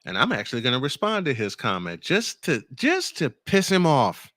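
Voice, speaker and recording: On a morning show, a male host launches into an angry on-air rant at a critic, reading the critic's comments aloud and confronting him directly. His medium-pitched voice swings hugely in pitch, moves at a normal speed and sounds a bit bright. He repeats phrases for emphasis, and the studio-quality recording has no echo.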